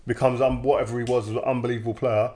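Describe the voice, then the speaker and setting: Animated man telling football stories. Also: mid-range voice, fast talker. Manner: animated, laughs while telling stories, acts out quoted dialogue. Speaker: former footballer guest. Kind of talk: casual storytelling chat.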